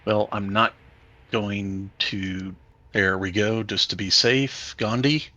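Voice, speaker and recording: A man plays a tabletop game, speaking slowly and deliberately. His voice is somewhat low yet bright in tone. He works out his movement and damage aloud. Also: steady tone. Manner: slow, deliberate, adding up numbers aloud. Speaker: player. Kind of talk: casual tabletop play.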